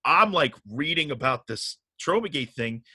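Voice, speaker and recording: Animated, profane man telling a story. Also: a little high, normal speed, husky, dry recording. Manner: animated, profane, gets riled up. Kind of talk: casual podcast storytelling.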